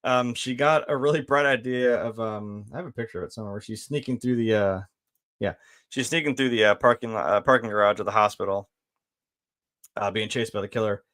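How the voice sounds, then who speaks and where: A man's voice: lowish voice, fairly quick, a bit bright. Laid-back man rambling through a film review. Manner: laid-back, rambling, laughs often, frequent fillers and swearing. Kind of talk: casual film review commentary.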